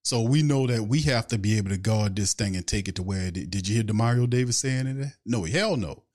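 A man's voice: on the low side, a little fast, a little mellow. A man hosting a sports fan podcast, ranting in casual commentary with a stream of rhetorical questions and reading out viewer questions. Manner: takes viewer questions from chat.

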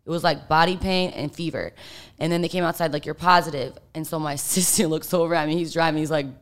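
Low-pitched and brisk, a young adult woman tells a story as an interview guest. Her casual storytelling is candid, profane, and loaded with the filler "like."

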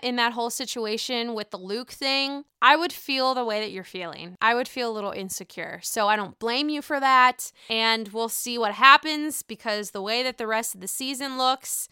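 Young woman podcast host, bright crisp voice, swears freely, sarcastic gossip energy. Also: fairly high pitch, dry recording, studio quality. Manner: profane, sarcastic, animated. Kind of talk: casual reality TV recap.

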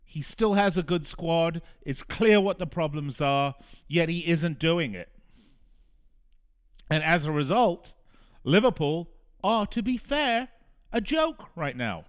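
A man's voice: fairly high pitch, lively intonation, slow, pauses often, clear, resonant tone. A male soccer radio host giving a frustrated, emphatic talk monologue, repeating phrases for punch. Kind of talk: opinionated sports talk monologue.

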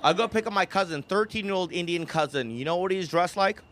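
A young man from the United States performing a stand-up comedy set, punchy and animated, slipping into mocking impressions. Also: sits high, fast. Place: comedy club stage. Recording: live club recording with crowd noise. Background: audience laughter.

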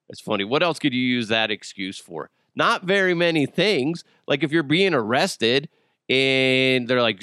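A man's voice: mid-range voice, animated, measured pace, sharp tone, dry recording, clean studio sound. A man hosting a podcast alone, joking crudely and riffing in a casual comic monologue. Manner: joking, crude, puts on silly voices. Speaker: podcast host.

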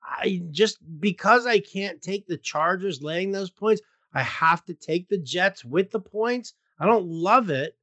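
A man's voice: high voice, expressive, a little slow, few pauses, sharp tone, no room sound. A man hosting a casual sports betting talk show, talking loosely with frequent restarts. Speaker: sports betting podcast host.

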